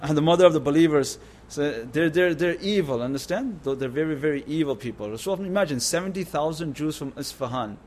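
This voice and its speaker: A man's voice: a little high, fairly quick, hardly any pauses, a little mellow, slight background noise. A man giving an informal sermon to a religious gathering, repeating his points and often checking that listeners understand. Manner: repetitive, keeps asking "understand?". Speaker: religious teacher.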